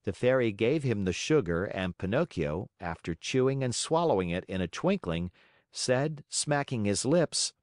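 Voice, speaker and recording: A man narrating an audiobook of a classic children's story in a measured storybook reading style. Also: on the low side, big pitch swings, darkish tone, no room sound, clean studio sound. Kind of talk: scripted narration.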